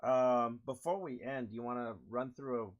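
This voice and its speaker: A man's voice: medium pitch, steady tone, moderate pace, dull audio. A man playing a tabletop game, talking casually and eagerly. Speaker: player. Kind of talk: casual chat.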